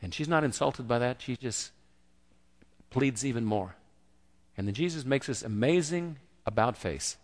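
A man's voice: medium pitch, animated, normal speed, in a large hall. A man preaching a conversational sermon and acting out the quoted voices. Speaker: pastor.

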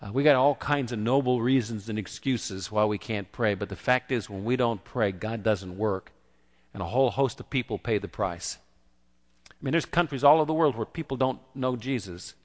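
A man's voice: mid-range voice, normal speed, in a large hall. A man preaching a conversational sermon and acting out the quoted voices. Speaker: pastor.

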